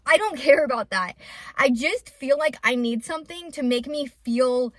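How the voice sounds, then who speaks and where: A young adult woman, a vlogger and small business owner, opens up to her viewers in a confessional vlog, rambling and filling her speech with "like". Her voice is high and expressive at a moderate pace, with clean studio sound and no room noise.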